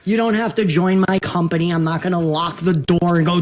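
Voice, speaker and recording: A man's voice: sits high, fairly quick. A man, a real estate broker, giving emphatic and punchy sales coaching as a guest on a talk show. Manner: emphatic, punchy repeated rules.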